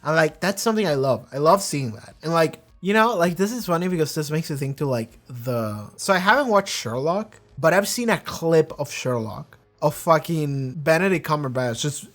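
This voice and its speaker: A man's voice: fairly high pitch, expressive, normal speed, few pauses, fairly bright tone. A man hosting a reaction video, talking casually and rambling with lots of swearing, now and then acting out characters' lines.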